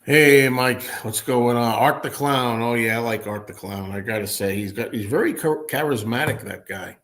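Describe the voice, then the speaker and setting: A man hosting a relaxed livestream, reading out and answering viewer comments. His voice sits at a middle pitch for a man, and he talks in a loose, unscripted way. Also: normal speed. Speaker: livestream host. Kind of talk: casual livestream chat.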